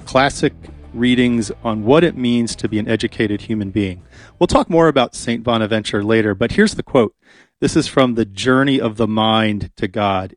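A man's voice: fairly low pitch, normal speed, dry recording. Chatty male radio host. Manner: chatty, rambling with fillers. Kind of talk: casual radio talk. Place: radio studio.

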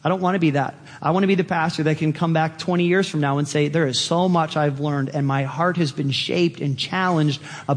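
Pastor guy preaching, high voice, gets really animated, big echoey church sound. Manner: animated, rises high for emphasis, acts out quoted attitudes. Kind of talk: sermon.

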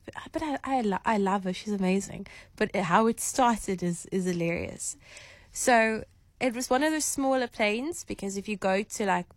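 A woman co-hosting a talk show, chatty and quick to launch into anecdotes. Her voice is recorded dry and close in a studio, with a middle pitch. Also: expressive, dry recording. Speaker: radio co-host. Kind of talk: casual radio chat.

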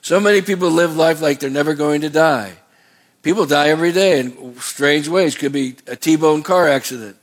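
A man's voice: on the high side, moderate pace. A middle-aged male pastor preaching a sermon in a folksy, rambling way, with asides and repeated words.

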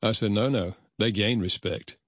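An older man with a low voice shares stories from his own life, speaking earnestly and at a measured pace. He often slips into remembered dialogue. The recording is dry and close, with no room sound. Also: fairly bright tone, no room sound. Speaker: guest author. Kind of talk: reflective storytelling in conversation.

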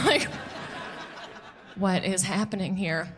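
On a comedy club stage, a woman in her thirties does a stand-up set, animated and quick to imitate the people in her stories. Her voice sits at a medium pitch.

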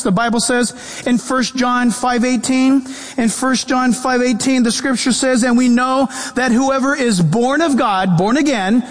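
A man preaching a sermon as pastor, animated and mixing scripture with humorous quoted voices. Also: extremely high pitch. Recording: long reverb of a large hall.

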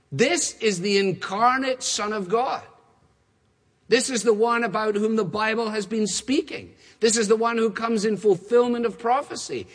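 Emphatic preacher, high voice, echoing hall. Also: male voice. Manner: emphatic, rhetorical repetition, quick asides. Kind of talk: sermon. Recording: long reverb of a large hall.

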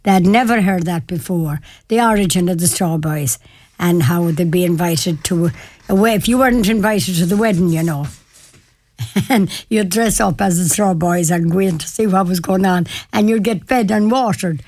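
A woman's voice: fairly low pitch, normal speed, no room sound. Older Irish woman with a Mayo accent, chatty storyteller who laughs often, dry close recording. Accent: Irish, County Mayo. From Ireland. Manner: chatty, warm-hearted, repeats herself, laughs often. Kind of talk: casual storytelling.

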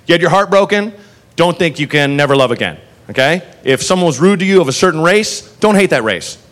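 Animated, high-voiced male comedian. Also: brisk. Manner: animated, profane, rambling with fillers. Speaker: stand-up comedian. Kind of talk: stand-up storytelling.

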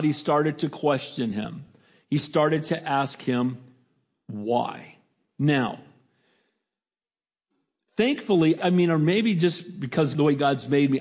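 Conversational man preaching, fairly high voice. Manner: conversational, swinging between raised emphatic lines and quiet, hushed reflection. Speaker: pastor. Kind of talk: sermon.

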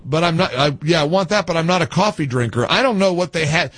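A middle-aged man hosting call-in talk radio, animated, jokey and easily exasperated. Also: a little high, fast, husky, no echo. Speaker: radio talk show host.

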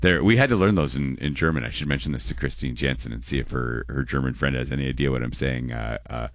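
A man's voice: very deep voice, fast talker, hardly any pauses, dry recording, studio quality. A Canadian man in his forties hosting a radio show in casual chat, rambling and restarting his words, often chuckling.

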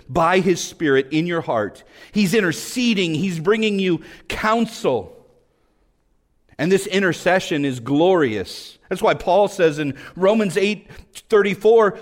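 A man preaching a sermon fervently, rising to emphatic peaks and dropping to hushed low passages. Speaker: pastor. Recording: long hall reverb.

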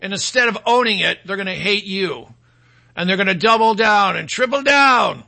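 Here the talk radio host's high voice has lively intonation, vocal fry, and a pushed, bright quality at normal speed. Mocking and combative, he airs his opinions and mimics his opponents in quoted voices.

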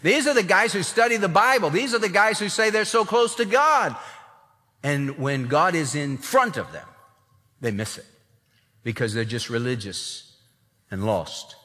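Guy preaching a sermon, kinda high voice, long reverb like a big church hall. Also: unhurried. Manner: animated preaching, acts out quoted voices. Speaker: pastor.

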